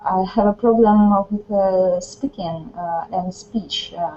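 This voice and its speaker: A woman, a student in an online English class, speaking haltingly with many fillers. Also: mid-range voice. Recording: muffled online call with faint noise.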